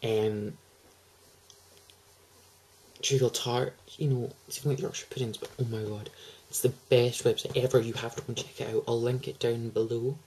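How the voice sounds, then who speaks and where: A man's voice: mid-range voice, flat delivery, normal speed, darkish tone, husky, poor audio. A teenage boy, chatting to camera in a hyper, gushing, rambling way. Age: teens. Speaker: vlogger. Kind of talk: casual chat to camera.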